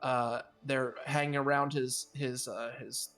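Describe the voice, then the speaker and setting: A man's voice: medium pitch, level tone, unhurried, over music. Man narrating as dungeon master. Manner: describes scenes with many fillers and restarts. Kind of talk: narrating a tabletop game.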